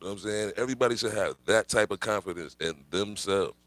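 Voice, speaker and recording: A man with a lowish, slightly bright voice talks fast on his own livestream, recorded dry. His casual rant rambles along with profane slang and plenty of laughter.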